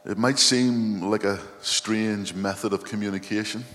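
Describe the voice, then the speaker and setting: A man's voice: on the low side, steady tone, a little slow, fairly bright tone. A male pastor giving an earnest, reflective sermon and often quoting scripture. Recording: long hall reverb, faint hum.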